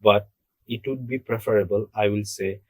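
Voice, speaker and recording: A man's voice: fairly low pitch, fairly even intonation, normal speed, no room sound. Emphatic man, dry sound. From Bangladesh. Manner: emphatic, asks rhetorical questions and answers them. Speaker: podcast co-host. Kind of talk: casual discussion.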